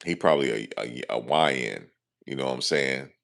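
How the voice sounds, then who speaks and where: A man with a very deep voice and a gravelly rasp talks to his camera in a loose, slangy way. He keeps dropping "you know what I'm saying" between his lines and tells the story casually, like he's venting to a friend. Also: moderate pace, fairly bright tone. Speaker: vlogger.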